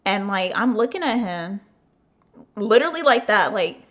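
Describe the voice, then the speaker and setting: A young woman from the United States telling a casual storytime on her channel, animated and swearing freely, acting out the other person's lines and padding her talk with "like". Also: mid-range voice, moderate pace, dull audio. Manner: animated, swearing, acting out quotes, frequent "like" fillers. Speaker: vlogger.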